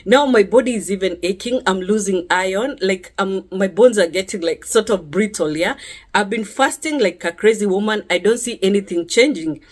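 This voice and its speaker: A woman's voice: mid-range voice, normal speed. Earnest woman vlogger recounting a testimony. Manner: chatty, checks in with listeners by asking "yeah?" again and again; earnest and emphatic, sometimes rising sharply on key words. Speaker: vlogger sharing a personal testimony. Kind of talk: casual spoken testimony.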